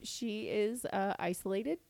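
A woman's voice: mid-range voice, takes it slowly, vocal fry, darkish tone, dry recording, clean studio sound. A woman co-hosting a podcast in casual, playful banter, laughing often. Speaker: podcast co-host. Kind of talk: casual chat.

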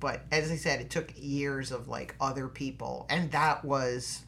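A middle-aged actress telling a story as a podcast guest. She is expressive and dramatic, and acts out every quote. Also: very deep voice, unhurried, slight background noise. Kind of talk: animated storytelling in a podcast interview.

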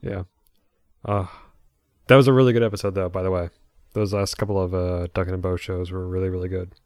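A man's voice: low-pitched, level tone, fairly quick, darkish tone, no echo, studio quality. A man hosting a podcast, chatting casually and agreeably with his co-host and swearing now and then. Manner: agreeable, laid-back, swears. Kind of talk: casual chat.

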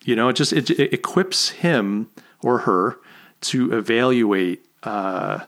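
A man hosting a podcast interview in a relaxed, chatty way. His voice sits at an everyday middle pitch and he jokes as he goes. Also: slow pace. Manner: chatty, laughs at own jokes. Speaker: podcast host. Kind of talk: casual interview chat.

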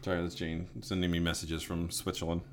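Deep, fast-talking man in his forties. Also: monotone, a little hiss or hum. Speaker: podcast co-host. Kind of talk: casual comedic chat.

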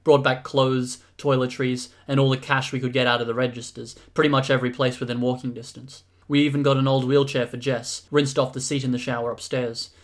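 A man's voice: mid-range voice, flat delivery, a little fast, hardly any pauses, close to an everyday voice. A man reading aloud and voicing an earnest, uneasy young man in a storybook reading. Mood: explaining.

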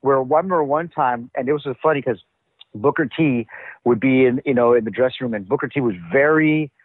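A man telling locker-room stories in a casual interview, animated and acting out what others said. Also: mid-range voice, fairly quick, dry recording. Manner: animated storyteller, acts out quotes. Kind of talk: casual wrestling interview talk. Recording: dull, lo-fi dry audio.

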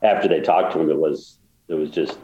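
A man's voice: rumbling low, a little fast, warm tone, echoey room, lo-fi sound. A man guest telling a story in a casual interview, rambling with many restarts and getting emotional. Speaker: guest, golf course builder.

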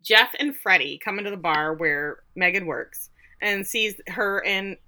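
A woman's voice: mid-range voice, measured pace, pushed and bright. A woman co-hosting a podcast, casually recapping a TV episode with sarcastic, incredulous asides. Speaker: podcast co-host.

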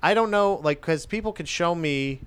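A man's voice: on the high side, moderate pace, clear, resonant tone. A man co-hosting a podcast, skeptical and swearing casually, with many fillers. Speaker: podcast co-host. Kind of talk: casual chat.

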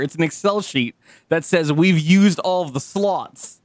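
A man's voice: a little high, unhurried, no room sound. A man co-hosting a podcast in casual chat, ranting in exasperation, swearing and repeating himself. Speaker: podcast co-host.

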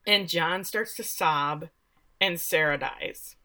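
A woman's voice: fairly low pitch, slow, pushed and bright. A woman casually recapping a story on a podcast, acting out the characters' lines as she goes. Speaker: podcast co-host recapping a show. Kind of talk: casual chat.

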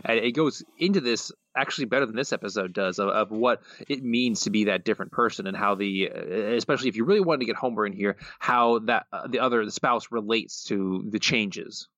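Low-voiced male podcast co-host, dull mic. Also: fairly quick, few pauses, a bit bright, dry recording. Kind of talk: casual podcast chat.

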